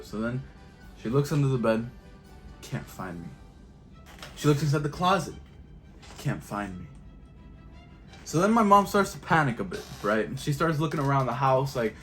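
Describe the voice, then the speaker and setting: A young man telling a story in a casual vlog, animated and full of slang and swearing. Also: mid-range voice, moderate pace, pauses often, faint music behind. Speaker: YouTube storyteller.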